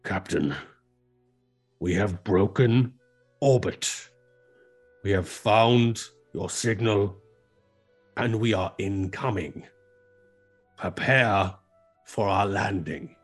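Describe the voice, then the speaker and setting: A man doing a large, gruff airship officer. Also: fairly low pitch, very slow, long pauses, faint music behind, exaggerated voice. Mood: commanding. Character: large gruff airship officer calling over a magic shell.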